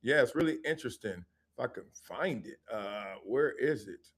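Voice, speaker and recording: A middle-aged man, a former football player, hosting a live sports talk stream and telling stories in a lively, joking way. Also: mid-range voice. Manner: animated storytelling with laughs and quick asides.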